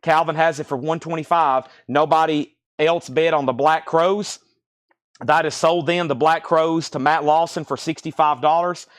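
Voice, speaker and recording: Man, slightly higher voice, live-sale host, fast auction patter, a bit winded. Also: fairly even intonation, clean tone. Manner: rapid-fire listing of prices and bids. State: out of breath.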